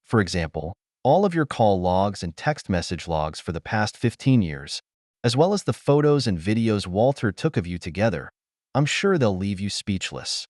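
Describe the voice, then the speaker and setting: A man's voice: lowish voice, big pitch swings, moderate pace, darkish tone, no room sound, clean studio sound. A man voicing a cold, sarcastic betrayed husband.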